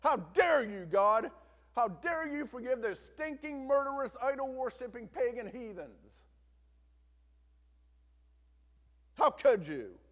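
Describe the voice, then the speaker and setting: A preacher putting on a furious, self-righteous prophet who yells his indignation in a high, raised voice. The man's shouts ring out with a long reverb trailing through a big hall. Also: steady tone, moderate pace. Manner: yelling, indignant.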